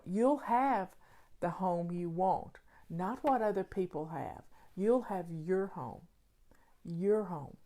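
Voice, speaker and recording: With a lowish voice, a woman runs a casual question-and-answer show on organizing the home. She talks in an emphatic, folksy manner and keeps repeating key phrases.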